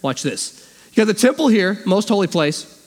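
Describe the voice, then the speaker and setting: A man preaching a sermon as a pastor, animated, acting out the voices he quotes. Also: high voice, moderate pace. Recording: long hall reverb.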